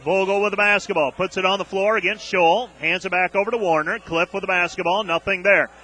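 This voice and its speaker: This radio play-by-play man covers a college basketball game briskly in a high, steady voice. He rattles off the action, gets loud on big plays, and is plainly exasperated with the officiating.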